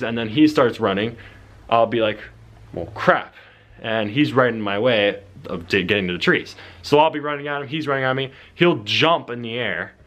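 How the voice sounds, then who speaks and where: A man's voice: mid-range voice, a bit bright. A young man casually rambling as he lays out his film plot, full of fillers and restarts. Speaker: vlogger pitching his film idea.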